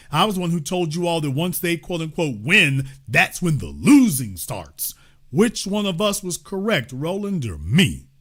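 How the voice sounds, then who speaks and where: A middle-aged man hosting a heated political monologue, emphatic and sarcastic, taunting with loud outbursts and low asides. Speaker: political commentary host.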